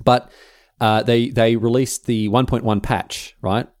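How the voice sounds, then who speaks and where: A man co-hosting a casual podcast, chatty and quick to laugh. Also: medium pitch, dry recording, studio quality. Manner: animated storyteller, laughs often. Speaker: podcast co-host. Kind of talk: casual chat.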